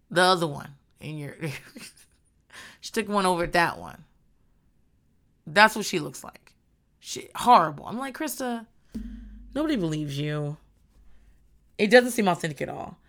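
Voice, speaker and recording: A woman's voice: lowish voice, expressive, unhurried, long pauses, pushed and bright. A woman in casual chat, recapping a reality show in a blunt, rambling way and swearing often.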